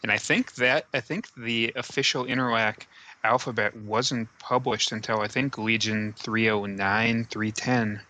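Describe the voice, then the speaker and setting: A man's voice: on the low side, steady tone, measured pace, sharp tone, poor audio. A man in casual conversation, chiming in with details about the comics. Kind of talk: casual chat.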